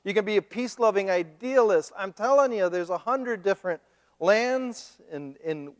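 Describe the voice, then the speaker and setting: A man preaching a sermon as pastor, animated and joking, mimicking the people he talks about. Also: high-pitched, normal speed. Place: church sanctuary. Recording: long reverb of a church hall.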